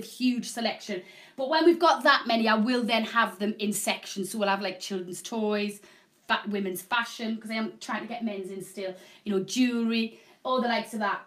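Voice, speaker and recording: A woman's voice: on the high side, brisk, fairly bright tone. A middle-aged woman hosting a live shopping channel, rambling and chatting casually with viewers. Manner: chatty, rambling, self-deprecating. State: having a hot flush. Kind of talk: live selling chat.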